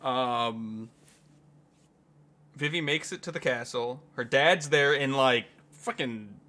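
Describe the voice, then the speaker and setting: A man's voice: mid-range voice, slow, bright, forceful tone. A man co-hosting a podcast, chatting casually and laughing often, with lots of "like" fillers. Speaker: podcast co-host. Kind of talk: casual chat.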